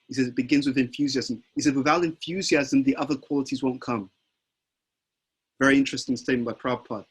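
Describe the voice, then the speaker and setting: Man, devotional sermon, husky voice, rhetorical questions. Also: mid-range voice. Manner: rhetorical questions, self-answering with "huh?". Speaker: preacher. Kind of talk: devotional lecture.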